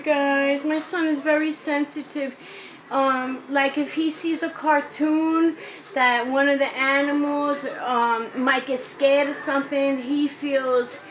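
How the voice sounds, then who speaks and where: A woman's voice: high-pitched, steady tone, takes it slowly, a bit bright. A woman with a New York accent vlogging her daily routine at home, chatting to viewers and switching into sing-song baby talk with her child. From New York, the Bronx. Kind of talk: casual home vlog. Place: at home, indoors. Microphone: camera set up on a stand in the room. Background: music playing in the house.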